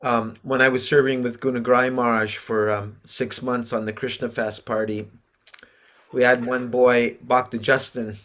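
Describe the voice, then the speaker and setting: A man's voice: mid-range voice, flat delivery, normal speed, fairly bright tone. Curious man hosting a video call. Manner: curious questioning, laughs often. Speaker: host. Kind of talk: interview conversation.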